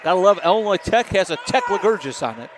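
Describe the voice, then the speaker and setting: A man calling live basketball play-by-play, quick and excitable, rising on big plays. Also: sits high, some chatter behind. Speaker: play-by-play announcer. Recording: noisy gym broadcast.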